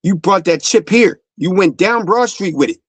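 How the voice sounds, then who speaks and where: A man's voice: high-pitched, expressive, normal speed, husky, no room sound. A young man hosting a sports talk show, delivering a fired-up, profane monologue that speaks straight to the player.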